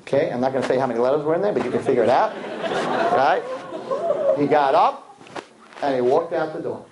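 A man, a rabbi telling a story to a live audience in an animated sermon, acting out the people in it. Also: a little fast, roomy sound, over a noisy crowd, very noisy. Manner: animated storyteller acting out quotes, swinging loud and high. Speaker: rabbi giving a talk to young people.

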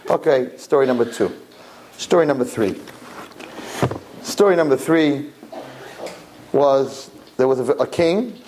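A man telling religious stories in an animated sermon, often repeating his phrases. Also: mid-range voice, measured pace, long pauses, slight background noise. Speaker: religious storyteller. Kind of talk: sermon storytelling.

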